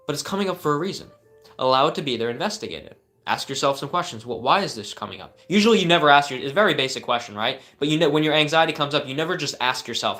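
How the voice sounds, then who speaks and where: Young guy giving advice on a live stream, bright forward voice, earnest, lots of ums and restarts. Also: on the high side, expressive, quick pace. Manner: earnest, coaching, with frequent fillers and restarts. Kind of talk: casual live-stream chat answering viewer questions.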